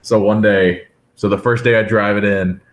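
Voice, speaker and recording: Man, wrestler guest, very deep voice, relaxed casual chat. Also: moderate pace.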